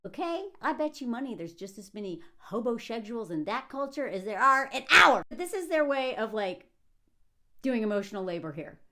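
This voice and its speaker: Animated high-voiced woman. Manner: animated, laughs often, acts out scene quotes. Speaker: reaction commentator. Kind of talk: casual reaction commentary.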